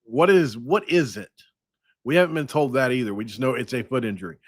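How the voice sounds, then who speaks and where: A man hosting a sports podcast, talking casually and thinking out loud with frequent restarts. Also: medium pitch, fairly quick, husky, no room sound, clean studio sound. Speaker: podcast host.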